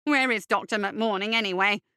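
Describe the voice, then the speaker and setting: A man's voice: high voice, moderate pace, sharp tone, smooth, dry recording, clean studio sound. A woman voicing a thin, cowardly, foppish male bureaucrat in an audiobook, whiny, pompous and fussy. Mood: fretful. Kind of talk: audiobook character voice.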